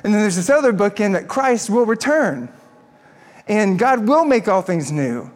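High-voiced pastor telling a story. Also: male voice, normal speed. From Texas. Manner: storytelling, animated and humorous. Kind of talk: sermon with personal story.

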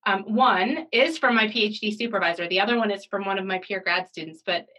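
Woman cohost on a podcast, bright crisp voice, punchy and animated when she makes a point. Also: mid-range voice, fairly quick, low-quality recording. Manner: lively, emphatic, conversational. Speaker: podcast co-host, lab leader. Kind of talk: casual podcast chat.

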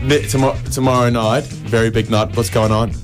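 An Australian man hosts a community radio show in a mid-pitched voice. He riffs through comic stories with animated timing and pops into high-pitched impressions of others. Faint music hums underneath. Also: moderate pace. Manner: animated, jokey, voices other people with big pitch jumps. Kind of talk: comic monologue and studio banter.

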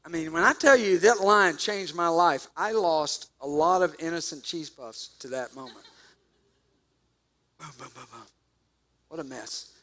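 Man preaching, high voice, bright tone, animated storytelling, sudden loud bursts. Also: unhurried, pauses often. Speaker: pastor. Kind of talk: sermon.

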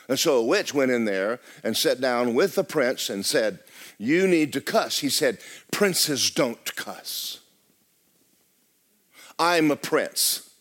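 Man, pastor, sermon, animated swings from loud to hushed. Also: medium pitch. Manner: animated preaching, swinging from loud exclamations to hushed near-whispers.

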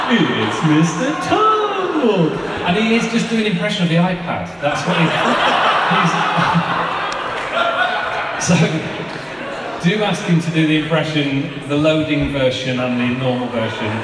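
A man's voice: a little high, very noisy. A man, giving an informal sermon in a chatty, conversational way with lots of fillers. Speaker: preacher. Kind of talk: informal sermon with family anecdotes. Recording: echoey hall, mic at a distance.

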